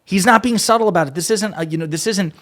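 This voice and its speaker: A man's voice: sits high, fast talker, a bit bright. A man giving emphatic, exasperated political commentary, often profane.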